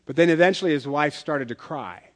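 A man's voice: fairly high pitch, brisk, a bit bright. A man preaching a sermon as pastor, telling stories in a conversational way with self-deprecating humor. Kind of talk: sermon with storytelling. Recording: long hall reverb.

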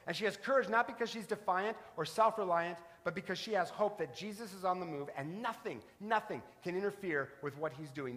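Male pastor, high voice, storytelling sermon, reverberant church. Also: fairly bright tone. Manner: storytelling preacher, varied emphasis. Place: church sanctuary.

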